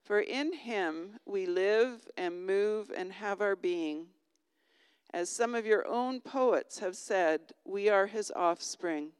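A woman giving a formal Bible reading in a slow, measured way. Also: medium pitch, clean tone, dry recording, in a large hall. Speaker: scripture reader.

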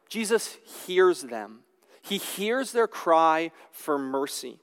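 A man's voice: fairly high pitch, expressive, slow, clear, resonant tone. A male pastor preaching a sermon, explaining a passage with casual asides and occasional fillers. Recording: long hall reverb.

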